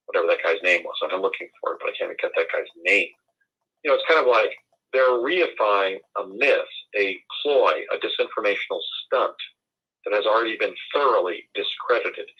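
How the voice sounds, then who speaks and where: A man's voice: deep voice, sharp tone, husky, muffled recording. A man from the United States, speaking as an interview guest in an emphatic, formal and indignant way. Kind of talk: conversational interview.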